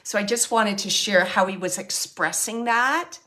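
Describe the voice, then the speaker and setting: A woman host giving a live mediumship reading in an ordinary mid-range voice. Her delivery is earnest and halting, full of fillers and restarts as she relays messages. She keeps checking in with the sitter. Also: medium pitch, sharp tone.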